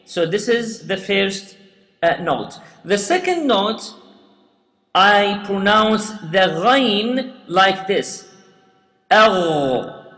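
In an echoey room with long reverb, a man with a high-sitting, slightly bright voice teaches Quran recitation. His tajweed lesson is slow and step by step, and he patiently repeats sounds and words for students to say after him.

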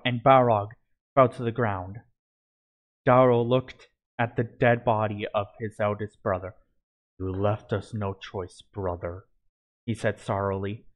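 A man's voice: mid-range voice, dull audio. A man reading his own fantasy story aloud, in a plain delivery that often stumbles and restarts.

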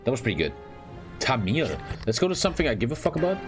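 A man hosting a reaction video, blunt, profane and excitable in casual commentary. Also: mid-range voice, fast, over music.

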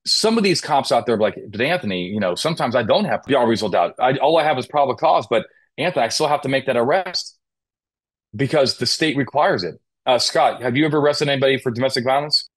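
A man's voice: mid-range voice, expressive, fast talker. Emphatic man explaining police law. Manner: emphatic, rhetorical questions, acts out quotes. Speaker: police legal trainer, podcast guest. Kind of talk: conversational interview. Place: Las Vegas.

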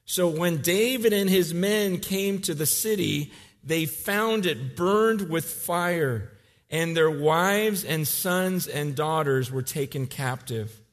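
A man in his forties delivers a sermon in a fairly high voice. He preaches with animated intensity and acts out emotional scenes. At other times he turns quiet, earnest and confessional. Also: takes it slowly, in a large hall. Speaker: pastor.

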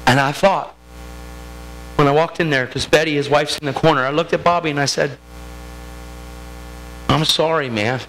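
A man preaching a sermon, telling a personal testimony with emotional intensity that builds toward near-shouting. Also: a little high, fairly even intonation, fairly quick, a little hiss or hum, low-quality recording.

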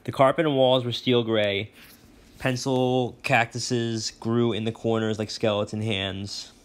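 A male teacher reading a novel chapter aloud, relaxed, with brief asides and self-corrections. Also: fairly low pitch.

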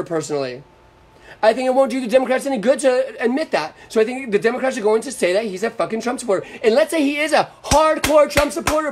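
A young man from Florida hosting a live stream, ranting angrily about politics with lots of swearing and sarcasm. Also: high-pitched. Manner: profane, combative, sarcastic. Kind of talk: angry political rant.

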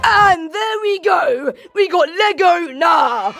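A woman hosting let's play game commentary, excitable and shouty, with mock-formal asides. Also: very high voice, takes it slowly, soft background music. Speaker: gaming channel host.

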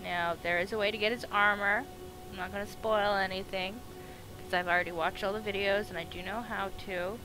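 Woman streamer at middle pitch, excitable and profane, game music clearly behind. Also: brisk, rough recording. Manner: excitable, swears, talks to the game characters. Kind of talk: live gameplay commentary.

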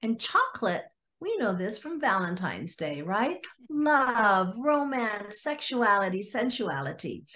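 A woman psychologist, a podcast guest, telling client stories and acting out their words in lively quoted voices. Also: medium pitch, a little slow. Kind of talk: storytelling in a podcast interview.

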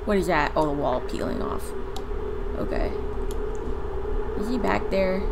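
A woman's voice: fairly low pitch, measured pace, vocal fry, noisy background. A woman playing a horror game and commenting, jumpy and exclaiming, laughing nervously and talking to her viewers. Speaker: gaming video creator.

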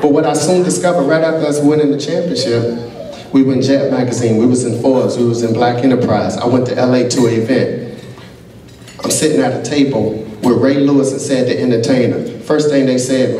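Man, basketball coach, keynote speech, animated storytelling, acts out dialogue, off-mic, roomy hall echo. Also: medium pitch, brisk, a crowd in the background. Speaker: college basketball head coach giving a keynote. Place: large gala banquet hall. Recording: echoey hall picked up from a distance.

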